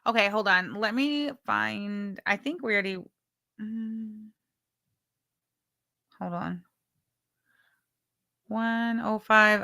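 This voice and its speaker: A woman's voice: medium pitch, bright, forceful tone, no echo, studio quality. A woman hosting a livestream, bluntly chatting, swearing and thanking viewers for super chats. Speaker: livestream host. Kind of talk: casual livestream commentary.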